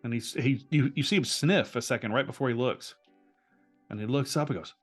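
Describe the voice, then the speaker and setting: A man narrating as game master of a tabletop role-play game, telling the scene in an animated way with frequent restarts. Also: fairly high pitch, fairly quick, faint music behind.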